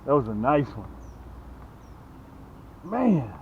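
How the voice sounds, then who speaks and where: Lively excited man vlogging from a boat. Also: medium pitch, takes it slowly, creaky. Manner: excited, chatty, talks straight to viewers. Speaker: fishing channel host. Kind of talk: casual fishing vlog commentary. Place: on a small boat outdoors on a lake. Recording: dull lo-fi outdoor audio with faint noise.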